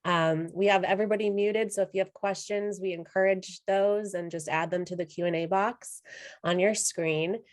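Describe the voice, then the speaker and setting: A woman from the marketing team opens a webinar as emcee. She runs through the housekeeping notes in a friendly, brisk way with occasional ums. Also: medium pitch, steady tone. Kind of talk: webinar announcements.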